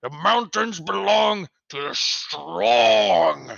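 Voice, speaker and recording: Picture a menacing ogre king, boastful and greedy, rumbling slowly through a ransom letter in a gravelly, crackling voice, as a man at a game table reads it out. His tone is bright and hard-edged. It comes through a dull, lo-fi voice chat with no room sound at all. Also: sing-song, dry recording, heavily acted. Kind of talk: reading a letter aloud in an ogre voice.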